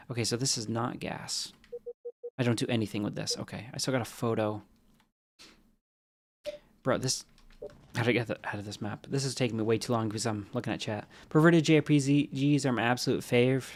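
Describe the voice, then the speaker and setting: A man streaming a video game, rambling casually, answering chat, and making jokey asides, with a stuffy nose from allergies. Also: medium pitch. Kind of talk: casual live-stream chat while playing.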